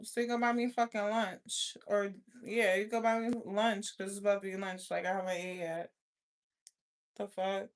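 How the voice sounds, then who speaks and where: A woman's voice: on the high side, a bit bright. A woman rants straight to her viewers. She is blunt and profane, scolding hard and cursing often in a loose, casual vlog delivery. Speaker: vlogger. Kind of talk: casual rant to camera.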